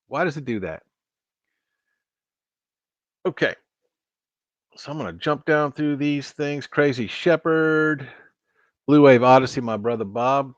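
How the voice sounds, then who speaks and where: A man with a medium-pitched voice talks loosely with his live stream audience from a home studio computer setup, wandering off and starting sentences over. The sound is dry and lo-fi.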